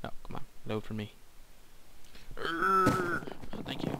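A man's voice: fairly high pitch, animated, measured pace, gravelly. A young man giving hyper, goofy commentary over his gameplay. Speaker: gamer. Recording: loud background noise.

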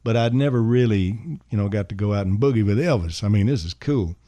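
A man's voice: fairly low pitch, a little fast, dark tone, dry recording. An older man, a songwriter, telling a rambling anecdote on a radio show in an easygoing way, full of fillers and "man". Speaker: songwriter and guest. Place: radio studio.

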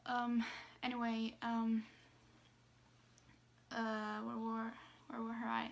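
Hesitant young woman, flat higher voice. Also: slow pace, muffled recording. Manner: hesitant, many fillers and restarts, soft asides. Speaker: vlogger. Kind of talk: casual personal storytelling.

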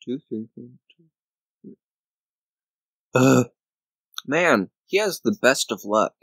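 Slow-talking man grumbling over a board game. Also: mid-range voice, expressive, fairly bright tone, husky, dry recording, rough recording. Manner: talks to himself, counts squares aloud, mock-angry grumbling. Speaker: gamer playing a board game video game. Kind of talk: casual gameplay commentary.

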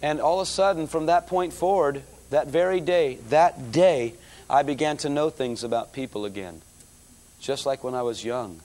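A man's voice: a little high, normal speed, darkish tone. Storytelling preacher man, folks-style testimony. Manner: storytelling, acts out voices in his story; addresses audience as folks. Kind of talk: testimony sermon.

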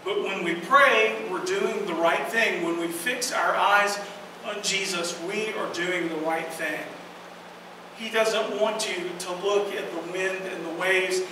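A woman pastor preaching a sermon in a church, earnest and emphatic, with slow dramatic pauses. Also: lowish voice, fairly even intonation. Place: church sanctuary. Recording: echoey hall from far off, noisy.

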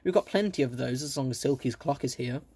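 A man's voice: mid-range voice, quick pace, dark tone, slightly rough, no room sound. A man reading a children's book aloud, giving a sensible boy's lines in his own matter-of-fact voice. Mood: cheerful. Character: cheerful sensible storybook boy.

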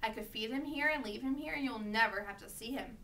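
A woman reading aloud voices an eager young boy who pleads earnestly and gently. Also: fairly high pitch, brisk, far from the mic. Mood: pleading.

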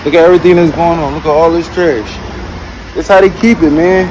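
A man's voice: on the high side, fairly even intonation, quick pace. A man interviewing people on the street for his vlog, earnest and emotional, often repeating himself. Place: outdoors on a city street. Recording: street traffic noise outdoors.

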